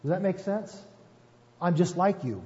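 A pastor gives a conversational, folksy sermon in a church sanctuary, poking fun at himself and often checking in with "right?". His voice is high-pitched and darkish, with lively intonation at a measured pace, and the recording sounds muffled and echoey.

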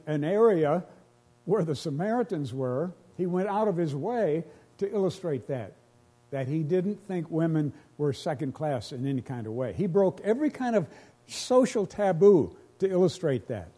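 A man's voice: a little high, mellow, slightly rough. A pastor preaching a sermon to his congregation, earnest and emotional, repeating phrases as he builds each point.

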